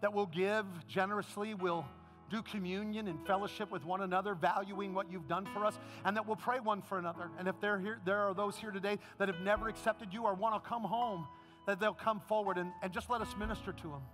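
A man's voice: high voice, fairly even intonation, fairly quick, soft background music. A man preaching a sermon as pastor, then leading the congregation in an emotional prayer. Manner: impassioned preaching, rising to a shout.

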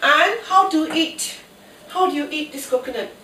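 A woman's voice: high-pitched, moderate pace, pushed and bright. Chatty woman with a cold, echoey kitchen. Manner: chatty, talks to herself as she works. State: has a cold. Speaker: home cooking host. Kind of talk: casual kitchen demonstration. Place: home kitchen, alone. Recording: echoey kitchen, mic at a distance, faint noise.

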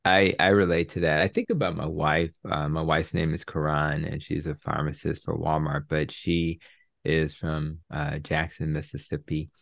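A man's voice: extremely low pitch, little pitch movement, normal speed, gravelly, no echo. A man hosting a podcast interview, talking in a rambling, friendly way with many fillers. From United States. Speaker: podcast host, physician. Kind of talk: casual interview chat.

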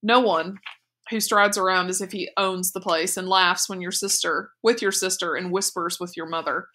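An eager, chatty young boy who presses his point earnestly, as a woman reading aloud voices him. The tone is bright and lively, told in a storybook reading. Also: fairly low pitch, normal speed. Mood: insistent.

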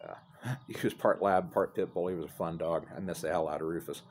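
A middle-aged man tells a rambling, profane, self-deprecating story to his phone camera while outdoors near some apartments, holding the phone himself. His voice is low and a little mellow, he talks fairly quickly, and there's a slight hiss or hum.

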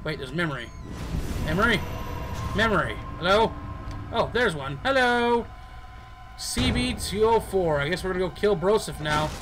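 A man's voice: high voice, expressive, moderate pace, pauses often, background noise. A man giving casual gameplay commentary as a let's player, goofy and joking, chatting to the characters on screen. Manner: goofy, jokes and talks to game characters.

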